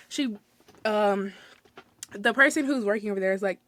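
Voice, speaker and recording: A young woman hosting a podcast, telling retail stories in a sassy, animated, profane way. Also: mid-range voice, fast, dry recording. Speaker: podcast host, retail manager. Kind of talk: casual storytelling.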